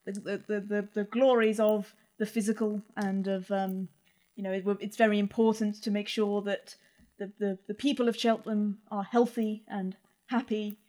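A woman voicing a self-important male spirit dignitary who talks down in a halting way. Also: mid-range voice, level tone, dark tone, close to an everyday voice. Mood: pompous. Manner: condescending, halting.

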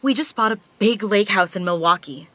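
A woman's voice: mid-range voice, normal speed, fairly bright tone, lightly acted. An actress playing a playful young woman who teases her friends on a road trip. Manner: teasing, playful.

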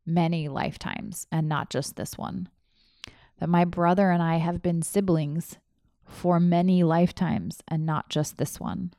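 In casual chat, a former veterinarian earnestly recounts a deeply emotional personal experience, rambling and restarting often. Her tone is darkish, and the studio-quality recording carries no room sound.

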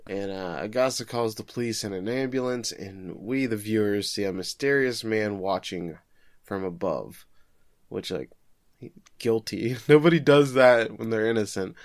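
A man with a fairly low voice talks through a plot recap in casual podcast chat. He cracks sarcastic jokes as he goes. The sound is dry and close, with no room echo. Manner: joking, animated, recaps plot with sarcastic asides. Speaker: podcast co-host recapping an anime episode.

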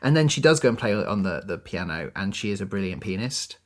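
A man's voice: on the low side, big pitch swings, a little fast. A man co-hosting a podcast, chatting casually as he recaps a musical, with lots of "you know" and "like". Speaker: podcast co-host.

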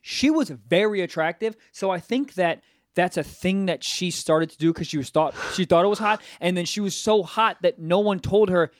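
A young man, telling crude, animated stories in a casual podcast chat. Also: sits high, normal speed, no room sound, clean studio sound. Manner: profane, animated storytelling with impressions. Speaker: podcast co-host.

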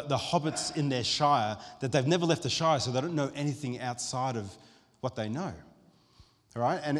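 A pastor giving a conversational sermon, with frequent restarts and asides to the congregation. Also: male voice, mid-range voice. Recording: long hall reverb.

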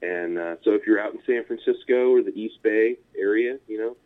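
A Californian man with a fairly low voice rambles through a laid-back interview, full of "like" and "you know" and quick chuckles. His voice comes through thin and tinny, like a phone call. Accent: Californian American. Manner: rambling, chuckling, filler-heavy. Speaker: punk musician guest. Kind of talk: casual interview chat. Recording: tinny phone-line audio.

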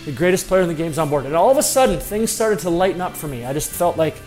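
A middle-aged man, a former hockey player, telling a self-deprecating story in a casual, animated way with lots of fillers. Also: a little high, quick pace, soft background music.

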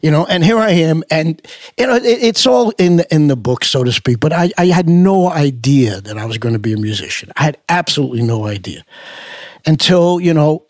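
A man's voice: a little high, expressive, a little fast, darkish tone, no room sound, studio quality. An older man, a musician being interviewed, telling stories in a loose, rambling way with many fillers and restarts. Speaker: musician guest. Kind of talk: casual storytelling interview.

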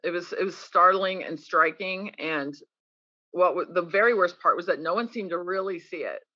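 A woman's voice: lowish voice, moderate pace, no room sound, highs cut off. A woman guest in a podcast interview, telling candid stories and acting out quoted people. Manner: candid, animated storytelling with quoted voices.

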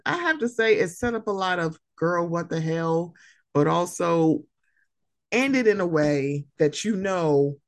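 Casual co-host, woman, lowish voice, swings widely in pitch, profane and animated. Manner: animated, profane, laughing, acts out quotes. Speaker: podcast co-host. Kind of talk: casual chat.

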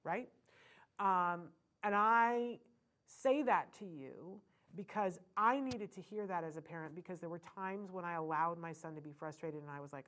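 A middle-aged woman speaks earnestly to a room of parents in a somewhat low voice. She is animated and personal, trips over her words, restarts, and leans on fillers as she explains. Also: moderate pace. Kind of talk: informal talk to an audience.

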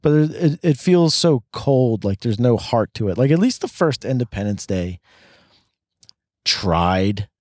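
A man in casual conversation reviewing a film, relaxed and opinionated, with lots of fillers. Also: medium pitch, measured pace, no room sound, clean studio sound. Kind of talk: casual movie review chat.

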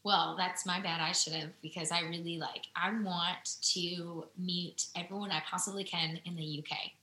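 A woman's voice: lowish voice, steady tone, sharp tone, roomy sound, slight background noise, low-quality recording. A woman from the American Midwest with a Midwestern accent, a guest artist chatting casually, upbeat and full of "like". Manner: upbeat, fast, lots of "like" and laughs. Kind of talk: casual chat on a live stream.

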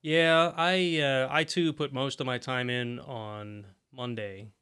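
A man's voice: medium pitch, takes it slowly, clean tone. A man co-hosting a casual tech podcast, telling stories with frequent laughs. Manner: laughs often, animated storytelling. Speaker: podcast co-host.

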